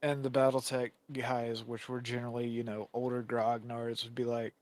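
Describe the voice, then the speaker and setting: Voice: medium pitch, little pitch movement, normal speed, hardly any pauses, darkish tone, no echo. Podcast guest, casual storyteller, easy laugh, dry close recording. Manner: rambling storytelling, laughing easily. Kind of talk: casual chat.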